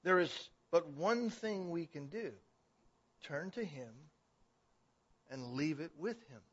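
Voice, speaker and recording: A man preaching a sermon, building from steady explanation to loud, emphatic declarations. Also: a little high, a little slow, husky. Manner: swells to emphatic, raised declarations. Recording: dull, lo-fi recording.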